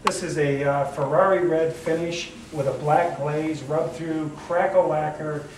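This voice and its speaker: A man's voice: fairly high pitch, fairly even intonation, measured pace, far from the mic, slight background noise. A man, a wood finishing contractor, walks through finish samples in a plain-spoken, enthusiastic demonstration with many filler sounds. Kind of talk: casual product demonstration. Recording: echoey room, voice off-mic.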